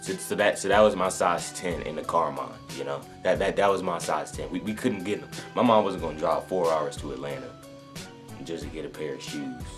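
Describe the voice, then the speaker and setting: A young man tells a long story to camera in a low, deep voice. He rambles, restarting sentences and leaning on fillers as he goes. Faint music plays behind him. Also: a little fast. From North Carolina. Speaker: sneaker vlogger.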